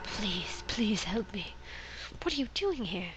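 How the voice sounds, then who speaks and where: A woman reading a game's lines as a tortured, starving male prisoner in a hushed, pleading whisper. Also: mid-range voice, sing-song, slow, a little hiss or hum, low-quality recording.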